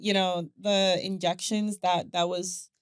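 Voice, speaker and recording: A woman's voice: lowish voice, level tone, measured pace, clear, resonant tone, no room sound, studio quality. A woman guest on a podcast, openly telling a personal story in casual conversation and laughing now and then. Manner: open, storytelling with acted quotes and laughs.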